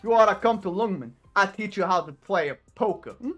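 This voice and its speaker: A woman's voice: medium pitch, fairly quick, highs cut off, faint music behind, natural voice. A woman voicing a brash, bored male penguin boss who talks in a slangy, teasing street drawl. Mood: swaggering.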